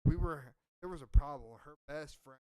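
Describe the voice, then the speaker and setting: A man's voice: on the high side, moderate pace, warm tone, clean tone, no room sound. Profane rambling storyteller, a man. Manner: profane, rambling, self-mocking. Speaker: podcast co-host. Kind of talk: casual storytelling.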